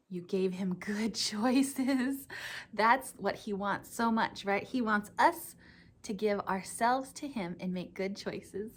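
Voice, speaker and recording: A woman's voice: mid-range voice, takes it slowly. A woman teaching a children's church lesson, speaking in a sing-song, exclaiming way as she chats with a dog puppet.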